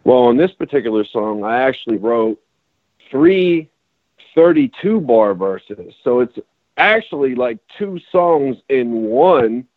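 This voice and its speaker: A man's voice: mid-range voice, animated, slow, no room sound. Man talking over a tinny phone-like line. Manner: rambling, restarts often, explaining. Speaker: rapper and songwriter guest. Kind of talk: casual podcast conversation.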